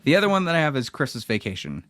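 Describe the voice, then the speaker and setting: A man's voice: mid-range voice, big pitch swings, rapid-fire, fairly bright tone, dry recording, clean studio sound. Joking young man co-hosting a podcast. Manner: joking, swears freely. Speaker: co-host. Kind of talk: casual podcast chat.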